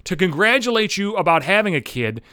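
A young man rants in a swearing, sarcastic stream, his pitch swinging up and down as he mocks what annoys him. His voice sits a little high for a man. The sound is dry and close, with no room behind it. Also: big pitch swings, brisk, bright, forceful tone, clear, resonant tone, no echo. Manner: ranting, profane, sarcastic, with mocking voices for others. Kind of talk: profane comedic rant.

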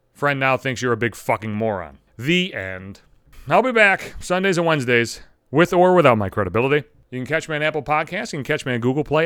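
A young man rants through a story on his solo podcast, swearing freely and sounding exasperated. His voice is bright and clear and a little higher than most men's, and it swings widely in pitch. It is recorded dry and close. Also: no echo. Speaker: podcast host. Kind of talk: solo comedic podcast rant.

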